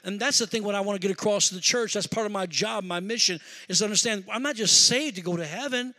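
A man preaches a sermon, his voice sitting high and sounding bright and forceful. He moves from quiet personal storytelling into fervent, rising exhortation. He sounds middle-aged and speaks with the ease of a practiced pastor. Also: fast.

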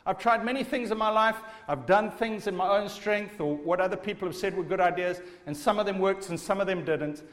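A man with a notably high voice delivers an emphatic sermon, stressing his points and putting questions to his listeners. His words ring out with a long reverb, as if in a large hall or church. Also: a little fast, hardly any pauses. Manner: emphatic, asks the audience rhetorical questions. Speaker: preacher.

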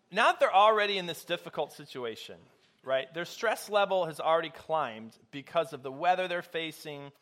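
A man with a fairly high, bright voice delivers a sermon in a relaxed, conversational way. He tells stories against himself and speaks plainly to the congregation. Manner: conversational, self-deprecating storytelling. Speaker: pastor.

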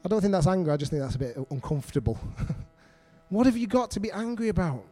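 A man's voice: high-pitched, expressive, quick pace, dark tone. A middle-aged man preaching a sermon, earnest and repetitive, putting questions to the congregation.

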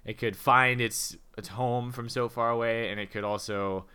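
A man co-hosting a podcast, breaking down a movie's plot in a measured, analytical way, with some stumbles and restarts. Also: medium pitch, fairly even intonation, sharp tone, smooth. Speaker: podcast co-host. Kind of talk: casual film discussion.

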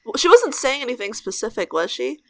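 A woman co-hosting a podcast, talking excitedly in casual chat. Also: a little high. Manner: excitable, chatty, quick reactions. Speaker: podcast co-host.

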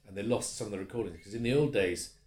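A man's voice: fairly low pitch, fast, darkish tone, slight background noise. Middle-aged guy, chatty voice actor, jokey and self-mocking, echoey room. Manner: self-deprecating, chatty, laughs often. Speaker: voice actor, interview guest. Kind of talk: casual interview chat. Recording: roomy echo.

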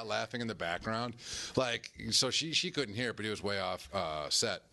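A man with a gravelly, fairly low voice and a bright, forceful edge tells loose, rambling stories. His pitch swings widely as he laughs his way through the tale. He co-hosts a comedy podcast in front of a live audience. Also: expressive, moderate pace. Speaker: podcast co-host. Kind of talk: casual comedic chat.

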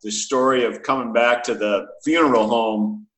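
A man's voice: mid-range voice, fairly even intonation, normal speed, fairly bright tone. Wry man in an echoey room. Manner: wry, teasing, acts out quoted dialogue. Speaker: podcast guest. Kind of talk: casual storytelling.

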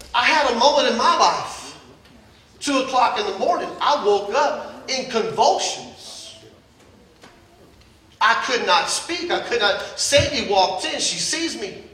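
A man's voice: very high-pitched, expressive, slow pace, pauses often, pushed and bright, reverberant, recorded from a distance, rough recording. An older man preaching a sermon as pastor, repeating phrases with rising urgency. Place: church sanctuary.

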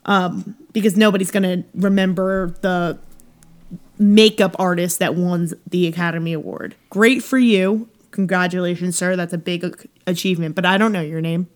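A woman's voice: lowish voice, steady tone, moderate pace. A woman co-hosting a comedy podcast, ranting in mock exasperation and laughing often. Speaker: podcast co-host. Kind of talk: casual comedic chat. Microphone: headphones on, home podcast mic.

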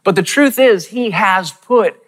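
A man preaching a sermon, who speaks emphatically, repeats key phrases, asks his listeners questions, and reads scripture slowly and deliberately. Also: high voice, expressive, a bit bright. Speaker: pastor. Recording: long hall reverb.

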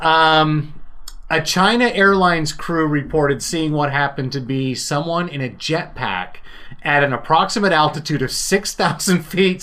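A man with a slightly high voice co-hosting a casual chat show. He laughs often and trips over his words, then reads news items aloud. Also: a bit bright. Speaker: podcast co-host.

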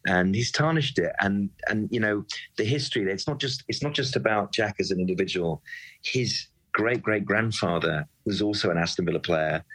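Deep-voiced passionate football fan. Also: male voice, a bit bright, poor audio. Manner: passionate, emphatic, repeats words when worked up. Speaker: football club supporter guest. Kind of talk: conversational podcast interview.

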